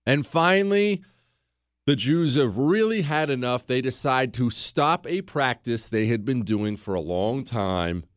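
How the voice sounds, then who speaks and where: A man's voice: mid-range voice, lively intonation, measured pace, no room sound, clean studio sound. A man hosting a history podcast, telling the story in a casual, conversational way and talking straight to the listener with asides. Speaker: podcast host.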